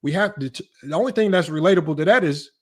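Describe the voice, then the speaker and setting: A young sports talk host reads out super chats on a casual home livestream, sounding close to a desk mic. His slightly high, husky voice moves at a quick pace and turns mocking and animated, rising sharply when he's incredulous.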